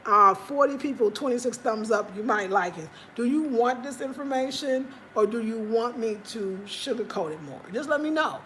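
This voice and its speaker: A woman's voice: moderate pace, few pauses, slight background noise. Chatty American woman telling stories. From United States. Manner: animated storytelling, acting out quotes in high cries; chatty, talks straight to viewers. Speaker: livestream host. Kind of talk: casual livestream chat.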